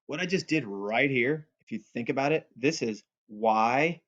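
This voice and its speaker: A man's voice: medium pitch, normal speed, fairly bright tone. Playful math teacher man, lo-fi audio. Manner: playful and goofy, jokes with students. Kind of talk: recorded calculus lesson. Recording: dull lo-fi audio.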